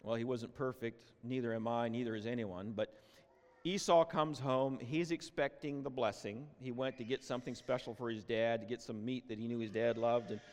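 A man preaching a sermon with emotion, often repeating and restarting words, shifting between loud cries and hushed tones. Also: medium pitch, steady tone, normal speed. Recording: long hall reverb.

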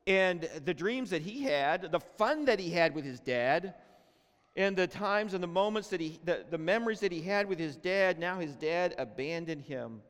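A man preaching a sermon with emotion, often repeating and restarting words, shifting between loud cries and hushed tones. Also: sits high, animated, moderate pace. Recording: long hall reverb.

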